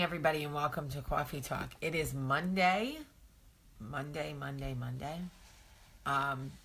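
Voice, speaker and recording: A woman's voice: very deep voice, vocal fry, bright, forceful tone, breathy edge. A woman with a New York area accent hosting a casual vlog, chatting to camera in a rambling, confiding way. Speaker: vlog host.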